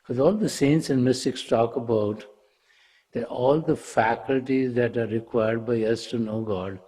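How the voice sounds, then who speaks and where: A man's voice: mid-range voice, measured pace, dark tone, slightly rough. A man giving a spiritual talk as a teacher, telling a parable in a conversational way and often saying "you know".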